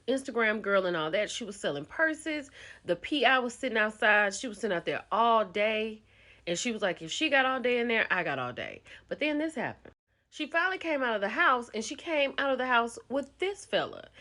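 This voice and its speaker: A woman host recapping a reality show in a chatty, animated storytelling way, speaking. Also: a little high.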